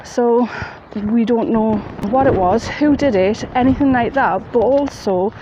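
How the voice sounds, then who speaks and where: A woman's voice: a little high, measured pace, dark tone, highs cut off. A woman telling a ghost story in a chatty, plain-spoken way, outdoors at night in the rain. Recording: faint rain noise behind.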